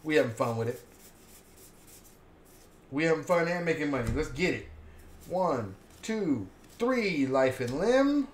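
Excited man calling out card pulls in a slow, lively sing-song, echoey room with a faint hum. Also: fairly high pitch. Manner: hyped, counts cards aloud, names each pull. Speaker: card pack opener. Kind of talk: casual card-opening commentary. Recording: roomy echo, faint background hum.

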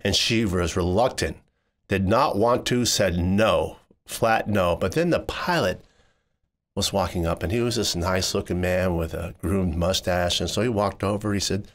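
A man narrating a personal story in the first person, voicing it expressively and jumping higher when he quotes people. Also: moderate pace. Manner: expressive, jumps high when quoting people.

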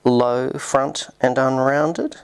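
A man delivers a scripted linguistics lecture in a measured, explanatory manner. His voice carries a gravelly edge at an ordinary pitch. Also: fairly even intonation.

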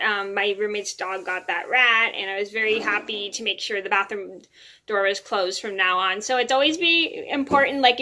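A woman's voice: on the high side, pushed and bright. A young woman vlogger telling a story to camera in a chatty, rambling way, full of ums and restarts.

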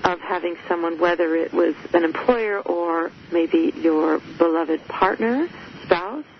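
A woman's voice: on the low side, measured pace, lo-fi sound, a little hiss or hum. A woman psychologist hosting a radio interview, talking earnestly and emphatically with many fillers and restarts. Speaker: radio show host, psychologist.

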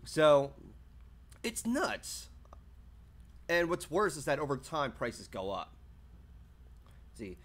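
A male streamer talks loosely with his chat and reads their comments out as they come in. His pitch swings widely from line to line. He swears often and without fuss. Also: unhurried, pauses often. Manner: lively, swearing, reading chat aloud. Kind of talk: casual chat with stream viewers.

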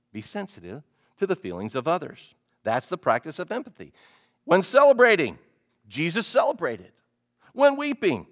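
A male pastor preaching a sermon, animated, often putting questions to the congregation. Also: on the high side.

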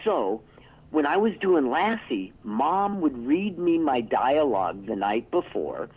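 A man's voice: medium pitch, big pitch swings, takes it slowly, slightly rough. A man in his sixties, a guest in a casual interview, telling stories in a rambling way that keeps breaking off and restarting. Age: 60s. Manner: rambling, self-interrupting storyteller. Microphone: telephone. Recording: tinny phone line.

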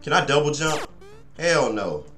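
A man's voice: a little high, very animated, unhurried, bright, forceful tone, soft background music. A young man giving let's play commentary, frustrated, swearing a lot and rambling to his viewers. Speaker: gaming channel host. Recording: echoey room.

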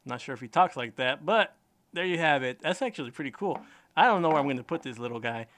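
A man hosting a casual unboxing vlog, chatty and easily excited, rambling as he goes. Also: fairly high pitch, fast, no room sound. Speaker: unboxing video host.

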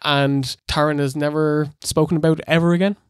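A man's voice: on the high side, level tone, brisk, smooth, no room sound, clean studio sound. A man co-hosting a casual review show, blunt and swearing freely with frequent laughter. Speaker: podcast co-host. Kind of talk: casual wrestling review chat.

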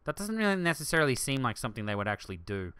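A man hosting a let's play, rambling excitedly through gaming commentary and jumping to shouts. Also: medium pitch, racing, clear, resonant tone, no room sound, clean studio sound.

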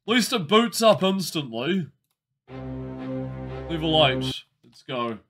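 Slow, bright-voiced male game streamer. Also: a little high, sing-song, faint music behind. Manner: wry, chatty reactions while playing. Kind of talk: casual live gameplay commentary.

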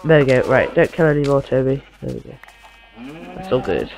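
A man's voice: medium pitch, expressive, a little fast, gravelly, darkish tone, low-quality recording. A young man giving casual, chatty commentary while playing a game, talking to himself in a slightly posh way. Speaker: gamer.

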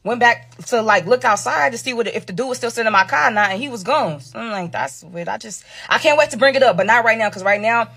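Woman reading a messy drama story fast, husky voice, keeps saying y'all. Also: fairly high pitch, lively intonation, a bit bright. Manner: dramatic, slangy, addresses viewers as y'all.

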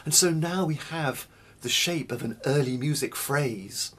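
A man teaching early music in a slow, deliberate spoken lecture, stressing single words and pausing between them. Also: a little high, fairly bright tone, husky.

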